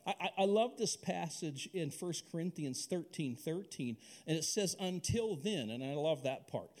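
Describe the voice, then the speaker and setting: Animated pastor preaching, lively high voice. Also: male voice, normal speed. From Alaska. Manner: animated, conversational storytelling with many restarts. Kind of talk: sermon with personal story.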